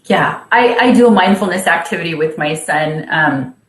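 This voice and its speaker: A woman's voice: fairly low pitch, lively intonation, reverberant, rough recording. Hesitant woman on a video call. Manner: halting, with many fillers and soft laughs. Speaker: caseworker and peer support trainer. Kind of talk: sharing in an online group session. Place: her office at work.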